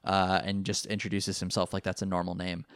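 Low-voiced man recapping casually. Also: completely flat delivery, brisk, a bit bright, clear, resonant tone, dry recording, studio quality. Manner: rambling, laughing, many fillers. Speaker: podcast co-host.

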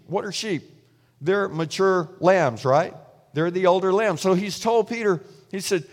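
A man giving a sermon in a relaxed, conversational way, retelling a story and acting out the quoted voices. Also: high voice, moderate pace. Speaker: preacher. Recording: reverberant hall.

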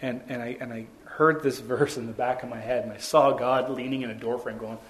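A man's voice: mid-range voice, steady tone, fairly quick. A man preaching a sermon as a pastor, in a conversational way with many rhetorical questions.

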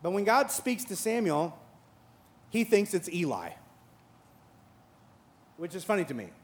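A man's voice: high-pitched, big pitch swings, unhurried. A male pastor preaching a sermon, mixing playful storytelling and acted-out dialogue with earnest, reflective teaching.

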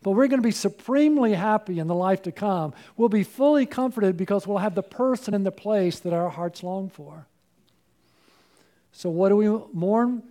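A man preaches a sermon in a strikingly high voice with a soft, mellow tone. He pushes up hard when he urges his listeners. He keeps tossing questions to the congregation for them to answer back. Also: normal speed. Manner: emphatic, rising sharply when quoting and urging; asks the congregation call-and-response questions. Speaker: pastor.

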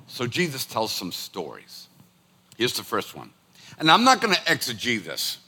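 Male preacher, conversational storyteller, bright voice with lots of pitch movement. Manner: animated storytelling, acts out scolding his dog. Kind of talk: sermon.

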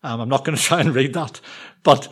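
A man preaching a sermon to a church congregation, talking in a relaxed, conversational, self-deprecating way with frequent ums and restarts. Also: mid-range voice, brisk, breathy edge.

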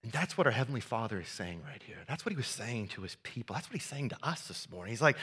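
A middle-aged male pastor preaching a sermon, swinging from loud emphatic lines to hushed, tender ones. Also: medium pitch, big pitch swings, quick pace, few pauses, husky.

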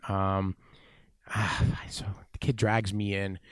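A man's voice: low voice, takes it slowly, smooth, no room sound, clean studio sound. A man around forty, a weightlifting coach, telling a story in an interview, acting out the dialogue and often saying "man". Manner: animated storyteller, acts out dialogue, says "man" a lot.

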